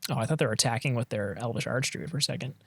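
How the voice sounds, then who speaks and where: A man's voice: mid-range voice, rapid-fire, gravelly, a bit bright, husky, no echo. A man giving casual commentary on his own card game match, thinking aloud and trailing off mid-sentence, on a close desk mic.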